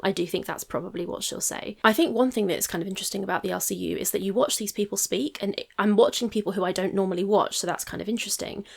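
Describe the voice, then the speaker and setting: A woman's voice: mid-range voice, quick pace, gravelly, hardly any pauses, a little mellow, husky. A woman hosting a reaction channel, giving skeptical casual commentary and thinking aloud with hedges.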